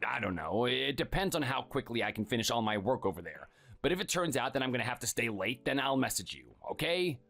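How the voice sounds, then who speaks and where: A man's voice: very animated, a little fast, gravelly, a bit bright, heavily acted. A man playing a scornful, bossy husband who belittles his spouse, in a dramatized story. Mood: dismissive. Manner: sneering and dismissive, low and clipped.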